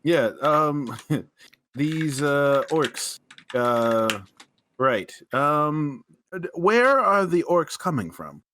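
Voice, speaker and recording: A man playing a tabletop game, speaking in a hesitant, halting way. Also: fairly high pitch, sing-song, a bit bright. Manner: hesitant, halting, many fillers. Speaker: player. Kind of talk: tabletop role-play.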